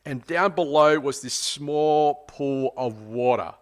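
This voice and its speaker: A man's voice: medium pitch, takes it slowly. A man preaching a sermon, opening with a prayer and then telling a personal story in a conversational way, often checking in with the listener. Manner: conversational, tag questions, frequent fillers.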